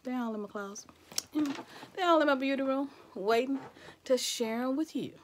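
A woman from Tennessee, chatting casually to camera, folksy and effusive, calling viewers y'all and honey and dropping into soft whispers. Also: high-pitched, a little fast, slight background noise. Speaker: vlogger showing gifts.

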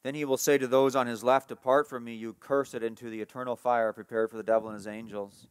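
A man preaching a sermon as pastor, emphatic and repetitive, dropping to a soft hush for tender passages and rising for key points. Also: flat delivery, quick pace, clear, resonant tone, no echo. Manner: emphatic preaching, repeats key phrases, rises in pitch and force when stressing points.

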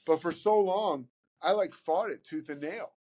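A man talking casually as a podcast guest, animated and rambling, often repeating words as he starts a thought. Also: a little high, a little slow, slightly rough. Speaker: podcast guest, sports broadcaster. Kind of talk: casual conversation.

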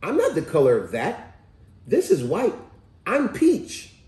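Man doing a little boy, innocent, calm, high voice, echoey room. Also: measured pace, exaggerated voice. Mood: innocent, amused.

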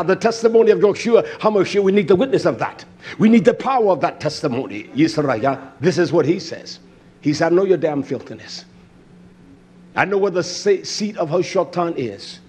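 A man preaching a fiery, scolding sermon that rises at times to shouting. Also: sits high, breathy edge.

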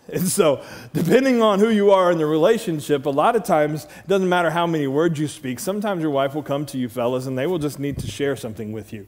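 A man preaching a sermon, animated, acting out quoted voices with big swings up in pitch. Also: fast talker, big-room sound. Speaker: pastor. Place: large church hall.

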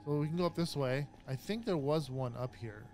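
A man casually narrating his own gameplay, chatty and jumpy, easily startled and quick to laugh at himself. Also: fairly high pitch, darkish tone, faint music behind. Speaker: gaming YouTuber. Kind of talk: casual let's-play commentary.

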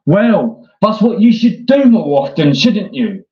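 Sarcastic guy doing a mocking rant, slightly high voice, dull lo-fi sound. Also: big pitch swings, measured pace. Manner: taunting, sarcastic, swings between whiny and gruff. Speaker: online troll. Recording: echoey dull lo-fi room.

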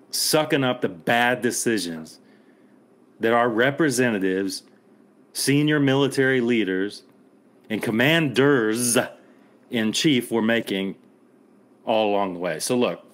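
A middle-aged man, a podcast co-host, speaking in angry, blunt, impassioned commentary and swearing as he rallies listeners. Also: mid-range voice.

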